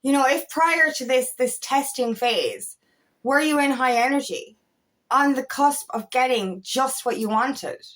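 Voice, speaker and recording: A young woman talks to her viewers as a spiritual coach in a loose, rambling manner, circling back and repeating herself. She sounds tired and emotional. Her voice sits a little high. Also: animated, a little slow, a bit bright. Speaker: feminine empowerment coach. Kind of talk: casual spiritual talk to camera.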